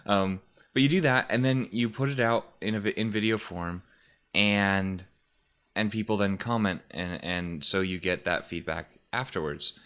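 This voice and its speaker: At normal speed, a streamer and YouTuber with a lowish, fairly bright voice chats casually into his desk mic at home. His talk wanders, packed with fillers and false starts, and he sounds a bit winded and sniffly.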